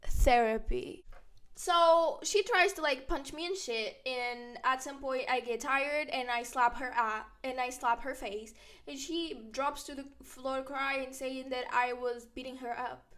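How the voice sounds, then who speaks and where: A young woman casually telling a story-time tale in a brash, profane, animated way, acting out the others' lines. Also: sits high, measured pace. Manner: brash, profane, animated retelling with quoted voices. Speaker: storyteller vlogger.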